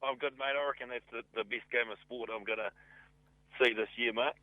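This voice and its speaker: A man's voice: medium pitch, steady tone, brisk, no echo. A man with a New Zealand accent calling into a radio show and rambling, with lots of filler words. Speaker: radio caller. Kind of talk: casual phone call. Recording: tinny phone line.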